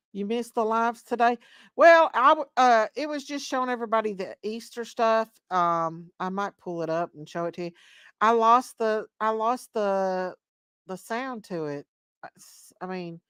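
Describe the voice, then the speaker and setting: A woman's voice: a little high, fairly bright tone, smooth, no echo. A woman hosting a casual live stream, greeting viewers by name and gushing thanks to supporters.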